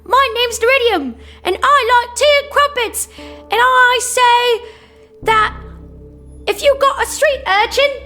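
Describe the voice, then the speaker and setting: A woman's voice: very high voice, slow, bright, forceful tone, soft background music, voice pushed up, exaggerated voice. A woman putting on an exaggerated Cockney accent as a brash, cartoonish street tough. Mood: boisterous. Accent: put-on Cockney British.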